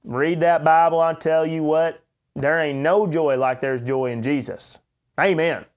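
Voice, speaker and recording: A man imitating a loud, jolly country preacher with an Oklahoma accent and a folksy, booming preaching manner. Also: a little slow, lightly acted.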